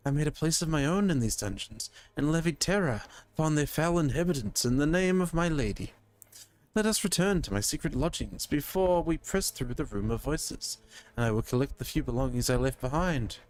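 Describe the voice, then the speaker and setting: A man's voice: fairly high pitch, a little mellow, pitched above the performer's own voice, close to an everyday voice. A man voicing an earnest male warrior of a hidden guard in a slightly raised voice, reading video game dialogue.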